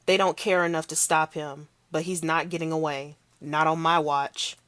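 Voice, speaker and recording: A woman's voice: low voice, level tone, normal speed, fairly bright tone, no echo. Woman narrating as Brian Trellis, a brash tough guy. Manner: brash, swaggering first-person storytelling. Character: big tough-talking man recounting a confrontation. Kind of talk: read-aloud novel.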